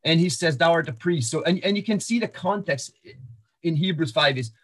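Male preacher with a fairly high voice, teaching verse by verse, loose and halting. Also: expressive, fairly bright tone. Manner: walks through verses, repeats words and restarts, frequent fillers. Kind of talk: sermon-style Bible teaching.

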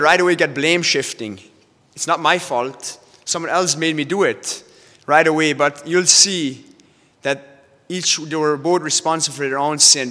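Earnest preacher in a reverberant hall. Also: male voice, on the high side, bright, forceful tone. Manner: earnest, repetitive, restarts often. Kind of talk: sermon reading scripture.

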